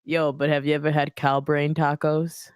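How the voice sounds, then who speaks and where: A man chatting excitedly with friends on a live stream call. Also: a little high, normal speed, clean tone, no room sound, clean studio sound. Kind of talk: casual group chat on a live stream.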